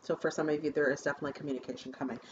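A woman's voice: low voice, steady tone, racing. A woman giving a spiritual tarot reading, effusive and chatty, calling viewers "my loves" and checking in with "okay?". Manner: effusive, addresses viewers as "you guys" and "my loves", tags lines with "okay?". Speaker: shaman and tarot card reader. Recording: muffled lo-fi recording with faint hiss.

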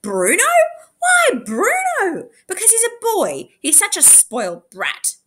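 A woman reading aloud, voicing an anxious, indignant girl with high, pleading outbursts. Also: wildly swooping pitch, slow, sharp tone, full character voice.

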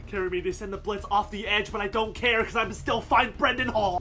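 A young man giving excited commentary on his own gameplay at home at night, swinging from hushed muttering to sudden yelps. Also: high voice, fast talker, few pauses, over music. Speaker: gaming YouTuber.

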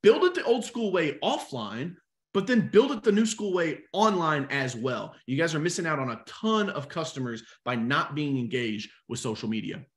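Energetic male coach, slightly high, very lively delivery, engages the chat. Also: moderate pace. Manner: energetic, animated, talks to the chat. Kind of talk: live webinar teaching.

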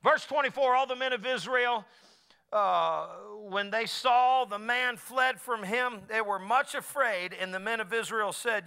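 A middle-aged man preaching a folksy sermon, swinging from quiet asides to loud exclamations. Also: extremely high pitch, unhurried, smooth. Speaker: pastor.

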